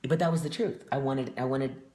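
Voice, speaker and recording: A man of middle pitch talks as an interview guest, earnest and reflective. He thinks aloud and leans on fillers. His voice rings in a noticeably echoey room. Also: fairly even intonation, a little fast, a little mellow. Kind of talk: casual conversation.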